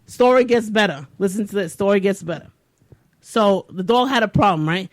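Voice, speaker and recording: A woman hosting a casual podcast, telling a story in an animated, profane way and laughing often. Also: medium pitch, moderate pace.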